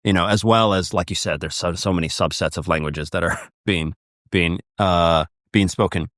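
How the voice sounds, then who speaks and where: A man's voice: low-pitched, normal speed, fairly bright tone, dry recording, studio quality. A man, a guest on a podcast, telling a story animatedly with many fillers and repeated words. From United States. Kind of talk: conversational podcast discussion.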